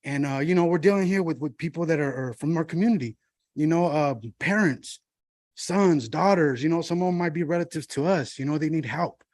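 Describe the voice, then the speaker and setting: A man's voice: a little high, fairly quick, a little mellow, no room sound. A man, a shelter monitor, giving a heartfelt public comment at a city council meeting, often saying "you know.".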